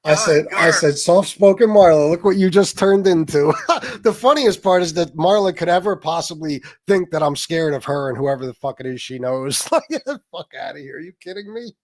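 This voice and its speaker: A man's voice: fairly high pitch, lively intonation, brisk, hardly any pauses. A man hosts a loose, casual livestream and tells a story about a past clash. He talks crudely, laughs often, and mocks the other person with relish. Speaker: livestream host.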